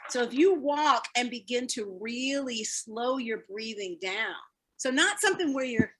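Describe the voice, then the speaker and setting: A woman leading a laughter and stress-relief workshop, energetic and encouraging, laughing often as she explains. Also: on the high side, a little slow, husky. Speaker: fitness speaker leading a wellness talk. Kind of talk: live online wellness workshop.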